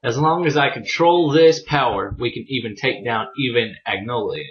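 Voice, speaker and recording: A man's voice: mid-range voice, expressive, moderate pace, muffled recording, lightly acted. A man reading as a boastful young villain. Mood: gloating. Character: power-hungry young male villain boasting of dragon power.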